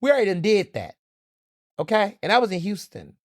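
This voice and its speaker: A male podcast host, speaking in a sassy, animated, conversational manner. His voice sits fairly high for a man, and the recording is close and very dry. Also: brisk, no echo. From Texas. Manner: animated, sassy, conversational, addresses listeners as y'all and baby. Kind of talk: solo podcast commentary.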